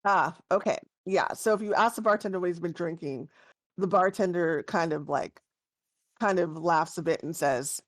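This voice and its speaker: A woman's voice: lowish voice, moderate pace, no echo, clean studio sound. A woman narrating as game master in a casual tabletop session, talking loosely with frequent filler words. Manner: casual, relaxed, many fillers.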